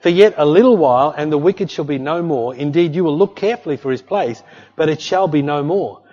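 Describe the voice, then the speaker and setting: A middle-aged pastor delivers an emphatic, repetitive sermon, repeatedly calling "hey" to his congregation and urging them "don't fret." His voice is a little high and a little mellow. The recording sounds dull and lo-fi, with a long hall reverb.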